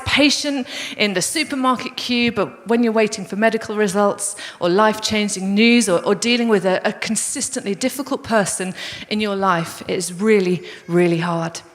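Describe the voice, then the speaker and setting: A woman's voice: mid-range voice, a bit bright. A woman preaching a sermon in a conversational, storytelling way. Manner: conversational, storytelling, addresses the congregation as guys. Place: large church hall. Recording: long reverb of a church hall.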